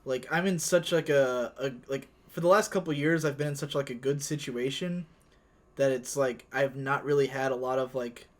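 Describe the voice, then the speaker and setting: A young man in casual chat who reacts with laughs and quick questions. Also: medium pitch, steady tone.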